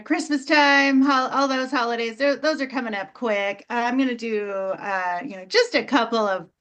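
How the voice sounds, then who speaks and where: A woman hosting an online comedy show, doing a deadpan stand-up set full of fillers and restarts. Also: mid-range voice, clean tone. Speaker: comedy host. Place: video call.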